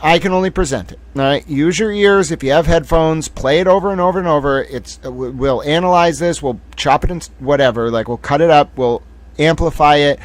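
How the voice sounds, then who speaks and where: A man hosting a livestream, commenting excitedly and profanely on clips he plays back, often repeating himself. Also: fairly high pitch, brisk. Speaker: livestream host. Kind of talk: casual commentary on played clips.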